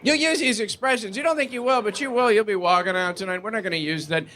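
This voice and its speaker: A young man works a comedy club stage, acting out voices as he tells his stories. His voice sits high for a man. The live recording is noisy. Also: fast talker. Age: young adult. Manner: animated storytelling, acting out voices. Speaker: stand-up comedian. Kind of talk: live stand-up routine.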